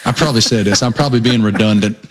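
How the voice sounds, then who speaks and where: A man's voice: on the low side, rapid-fire. A middle-aged man with a Southern accent, co-hosting a sports talk show in an enthusiastic, folksy, joking way. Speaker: co-host.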